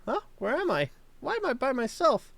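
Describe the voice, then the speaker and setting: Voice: high voice, sing-song, moderate pace, vocal fry, a bit bright, no room sound, voice pushed up, full character voice. A streamer reading out a frightened schoolgirl's lines from a game, anxious and talking herself through panic. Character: frightened schoolgirl lost alone. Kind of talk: reading game dialogue aloud.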